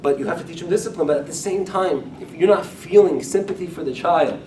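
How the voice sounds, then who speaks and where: A man with a fairly high voice gives a rabbi's Talmud class in a casual, conversational way, often repeating and restarting phrases as he explains. He is recorded from some distance in a reverberant room. A faint background rumble sits under his voice. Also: a little fast, dark tone. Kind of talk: lecture-style Talmud class. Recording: echoey room, speaker far from mic, faint rumble.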